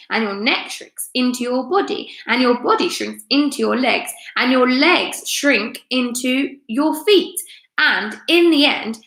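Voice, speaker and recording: A woman's voice: high-pitched, creaky, a bit bright, full character voice. A woman voicing a mean, scheming old man in a storybook read-aloud, sly and solemn. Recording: roomy echo.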